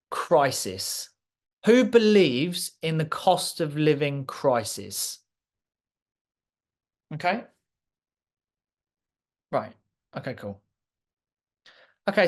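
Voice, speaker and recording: A man giving a motivational masterclass talk to a live audience, direct, emphatic and passionate, speaking clearly and with authority. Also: fairly high pitch. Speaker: guest speaker.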